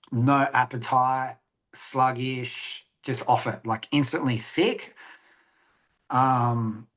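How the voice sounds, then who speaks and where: A man's voice: medium pitch, a bit bright. A man with an Australian accent, a guest on a podcast, chatting casually, swearing freely and acting out conversations as he tells stories. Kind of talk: casual interview chat.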